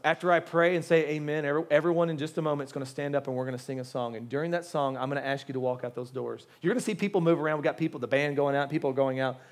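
Stammering, conversational pastor, higher-pitched man. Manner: conversational, stammering restarts, pleading; casual slang, joking asides. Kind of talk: sermon.

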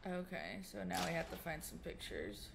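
A woman gaming streamer chatting casually and excitedly through a horror game playthrough. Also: lowish voice, moderate pace, gravelly, background noise. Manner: chatty, excitable, reacts aloud.

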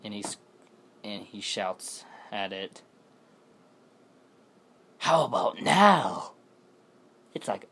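Male storyteller, casual and rambling, with a deep, unhurried delivery. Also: a little hiss or hum. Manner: rambling, self-correcting. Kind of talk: casual spoken scary story.

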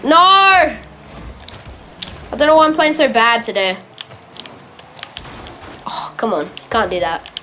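Excitable high-voiced female gamer. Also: a little hiss or hum. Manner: excitable, quick self-corrections, laughs often. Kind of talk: casual gameplay commentary.

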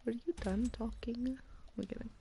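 Gravelly-voiced American woman streamer. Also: on the high side, moderate pace, slight background noise. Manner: excitable and chatty, squealing at rare items. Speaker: game streamer. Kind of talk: casual commentary while opening loot boxes.

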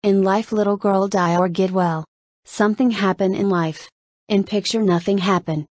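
An earnest, literal-minded man of the trail, as a woman reader voices him speaks in plain, grave, deliberate sentences. The sound is dry and close, with no room echo. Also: medium pitch, fairly even intonation, darkish tone, natural voice.

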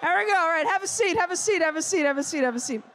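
A woman in her thirties giving a lively, playful talk to teenagers at a youth conference. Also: very high-pitched, racing, slight background noise. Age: 30s. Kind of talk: motivational talk to teens. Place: conference stage before a crowd.

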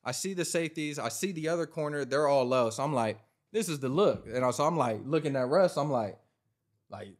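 A man's voice: mid-range voice, a little fast. Laid-back man telling a story. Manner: laid-back, loose, filler-heavy delivery. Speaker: podcast guest. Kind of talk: casual storytelling.

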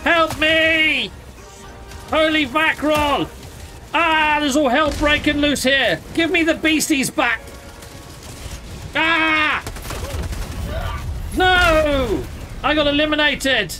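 A British man who hosts a gaming channel, talking through his play in a casual, excitable way and yelping when things go wrong. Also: very high-pitched, measured pace, soft background music. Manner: excitable, exclaims and yelps during fights. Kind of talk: casual let's-play commentary.

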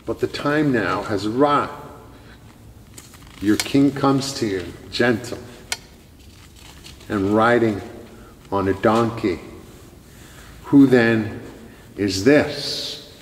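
A male pastor preaching a sermon in a church sanctuary, measured and emphatic, with dramatic pauses. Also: fairly low pitch, reverberant, long reverb tail, a little hiss or hum.

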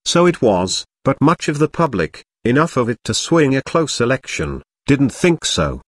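A man reading a history audiobook aloud in a measured, even narration. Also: medium pitch, dry recording.

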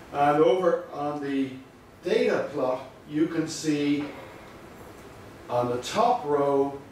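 A male lecturer talks through his material in a measured, explanatory way and drops in a wry remark now and then. His voice sits at an ordinary pitch. He was picked up by a distant mic in a strongly reverberant room with a faint hiss underneath. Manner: measured, explanatory, dry asides. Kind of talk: university lecture. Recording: very echoey room, mic far off.

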